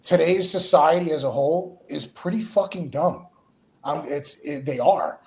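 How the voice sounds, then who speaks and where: Emphatic man guest with a higher voice. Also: moderate pace, darkish tone. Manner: emphatic, profane, repeats for emphasis. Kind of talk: casual chat.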